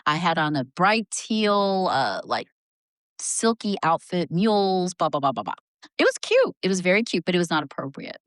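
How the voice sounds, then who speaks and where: A middle-aged woman and HR leader, a podcast guest, telling a story in a lively conversational way. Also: fairly low pitch, normal speed, no room sound. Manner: animated, acts out voices in her stories.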